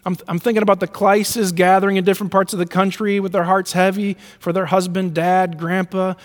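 A man preaching a sermon as pastor, earnest, often dropping his voice very low and soft for tender lines. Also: little pitch movement, a little fast, few pauses, big-room sound.

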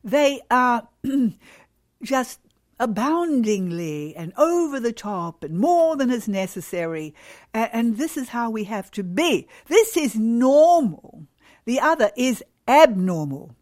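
A woman's voice: mid-range voice, darkish tone. A woman giving a devotional talk to mothers, exhorting and emphatic, acting out cheerful replies to strangers. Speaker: speaker addressing mothers.

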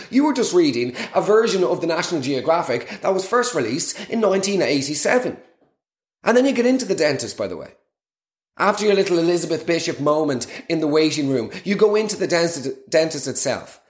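Man, comic rant, exasperated and sweary, fairly high voice, echoey room. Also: sing-song, brisk. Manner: exasperated, sweary, mock-outraged. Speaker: comedic podcast host.

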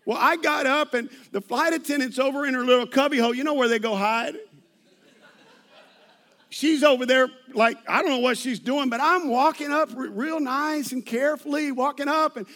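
A man's voice: very high-pitched, moderate pace, a bit bright. A middle-aged man, a pastor preaching a sermon full of personal stories, telling them animatedly with many restarts and asides.

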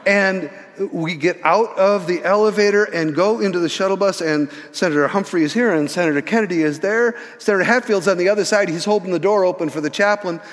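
A man in his sixties telling a story in a sermon, animated, often restarting his words. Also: high voice, fairly quick, hardly any pauses. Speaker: pastor. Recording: reverberant church hall.

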